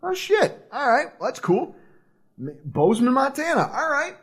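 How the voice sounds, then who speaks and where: High, lively-voiced podcast co-host man. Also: normal speed. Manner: loud, laughing, playful banter. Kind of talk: casual sports podcast chat.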